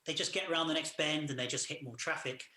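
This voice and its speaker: Podcast guy with a bright punchy voice, rambling thru a movie plot, echoey room. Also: on the high side, fairly even intonation, quick pace. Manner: loose retelling of the plot, full of "sort of" and "like". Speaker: podcast co-host. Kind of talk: casual film review chat.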